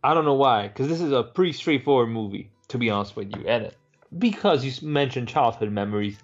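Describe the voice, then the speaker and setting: A man with a gravelly, creaky voice talks through a film in a relaxed podcast chat. He banters and swears freely with his co-host. The sound is a bit dull, with faint music underneath. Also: medium pitch, a little fast. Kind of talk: casual film discussion.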